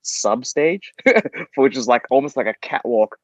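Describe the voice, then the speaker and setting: A man's voice: medium pitch, animated, measured pace, dry recording, highs cut off. A man guesting on a podcast in casual chat, often stumbling and restarting his sentences. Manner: stumbling, restarting, self-interrupting. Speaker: podcast guest, band member.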